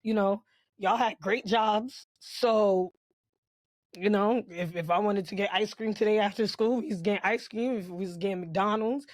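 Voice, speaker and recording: A young woman from Brooklyn co-hosting a relaxed podcast, telling her story with lively, slangy chatter. Her voice sits at an ordinary middle pitch. It is recorded dry and close, with no room sound around it. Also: normal speed, no room sound. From Brooklyn, New York. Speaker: podcast co-host. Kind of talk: casual podcast chat.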